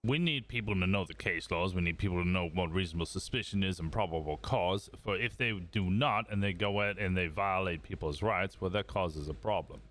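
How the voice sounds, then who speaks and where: A man's voice: deep voice, a little fast, few pauses, fairly bright tone. A man role-playing a police sergeant, lecturing a cadet in a stern, no-nonsense way during a roleplay game. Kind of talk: role-play game chat.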